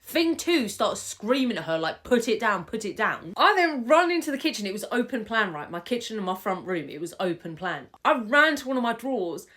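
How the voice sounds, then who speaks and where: A young woman telling a story from her own life in a casual, animated way, laughing and swearing now and then. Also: a little high, fairly quick, few pauses. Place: home room with fairy lights.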